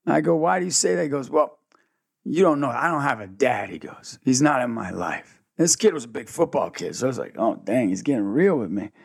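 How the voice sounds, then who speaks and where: Man, gravelly voice, energetic storyteller, acts out dialogue, dry close mic. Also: medium pitch, fairly quick, no room sound. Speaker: guest, ministry founder. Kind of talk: animated storytelling interview.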